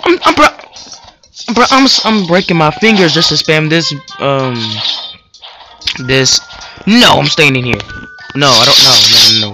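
A young man giving casual, excitable gameplay commentary as a gaming video host, trash-talking other players in slang. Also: medium pitch, rough recording. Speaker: gaming YouTuber. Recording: loud game music behind. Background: loud game music.

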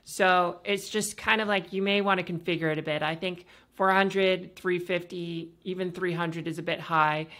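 A woman hosting a podcast, explaining voice practice in a casual, instructive way with many fillers and a pitch that moves up and down. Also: fairly even intonation, moderate pace, few pauses, fairly bright tone. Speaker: podcast host and voice coach.

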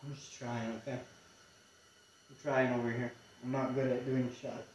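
A man's voice: mid-range voice, flat delivery, moderate pace, a little mellow, very echoey, distant mic, a little hiss or hum, poor audio. A man telling dad jokes over drinks, trying hard not to laugh and mumbling his punchlines. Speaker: joke-telling drinking game player. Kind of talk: casual banter.

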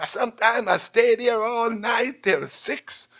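A man preaching a call-and-response sermon, swinging from shouts to near-whispers as he tells stories. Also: very high voice, slow pace, noisy background.

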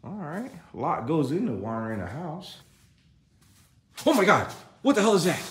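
A young man vlogging casually around his farm and new house, chatting, laughing often and using high baby talk with the animals. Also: big pitch swings, moderate pace, breathy edge. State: soaked from rain. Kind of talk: casual vlog narration. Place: outdoors on a farm, and a house under construction.

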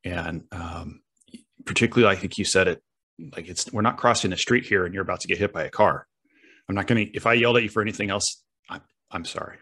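A middle-aged man hosts a podcast in a reflective, conversational way. He pauses and restarts as he searches for words, and his voice sits fairly low. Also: fairly bright tone, breathy edge. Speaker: podcast host.

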